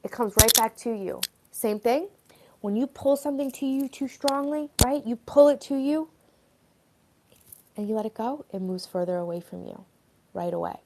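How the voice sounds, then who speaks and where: A woman's voice: a little high, normal speed, background noise. A woman hosting a live stream, chatting casually in an earnest, rambling way and encouraging her viewers. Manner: rambling, earnest, filler-heavy. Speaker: host of a live stream tapping series.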